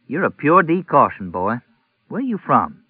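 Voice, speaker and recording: A man's voice: medium pitch, sing-song, a little slow, husky, no echo, pitched above the performer's own voice. A man voicing a heavy, ailing middle-aged rural sheriff with a folksy manner. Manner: folksy, drawling, a bit weary. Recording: tinny narrow-band audio.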